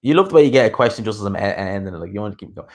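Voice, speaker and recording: A man's voice: on the low side, lively intonation, very fast. An Irish man hosting a boxing channel, chatting casually on a live stream, rambling and swearing freely.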